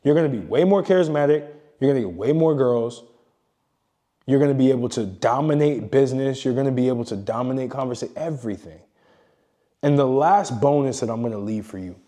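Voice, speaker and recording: A man's voice: mid-range voice, expressive, brisk, mellow. A man giving a blunt, profane motivational monologue as a self-improvement coach, lecturing emphatically.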